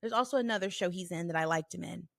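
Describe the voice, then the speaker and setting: A woman in her thirties hosting a casual solo podcast, telling stories in an animated, blunt way with plenty of swearing. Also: on the low side, quick pace, vocal fry, no room sound, clean studio sound. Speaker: podcast host.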